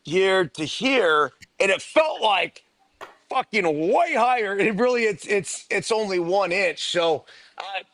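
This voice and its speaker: A middle-aged man, co-host and youth hitting coach, explaining things in a measured, patient way in casual chat. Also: high voice, animated, fairly bright tone, dry recording.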